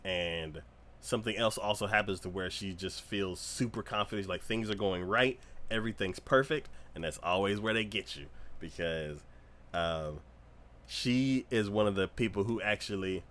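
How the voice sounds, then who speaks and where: A man chatting casually on an anime podcast, his voice swinging high and low as he relives a story. His tone is bright and forceful, and he acts out the scenes he describes with squeals and bursts of laughter. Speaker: podcast co-host. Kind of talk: casual anime review chat. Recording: livestream podcast.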